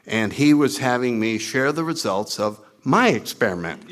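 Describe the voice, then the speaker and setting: At a moderate pace and medium pitch, a man recounts his story for a recovery meeting. With wry humor at his own expense, he animatedly plays out his past lines using put-on voices.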